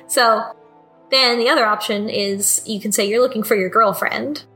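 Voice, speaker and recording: A woman's voice: fairly high pitch, steady tone, normal speed, pushed and bright, faint music behind. A woman co-hosting a casual podcast chat, recapping a video game with loose laughter and swearing. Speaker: podcast co-host.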